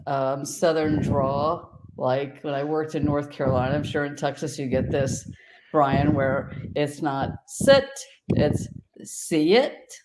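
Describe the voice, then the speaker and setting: A woman's voice: a bass voice, level tone, unhurried. Woman dog trainer, direct and confident, on a noisy video call. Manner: direct, confident, demonstrates tones of voice. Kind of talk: casual instructive chat.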